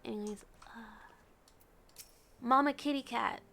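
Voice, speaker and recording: A young woman on a live game stream talks casually to her viewers and the characters on screen. She teases and laughs often, in a fairly high voice. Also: measured pace, creaky, fairly bright tone, slight background noise. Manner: playful, laughs often, teasing asides.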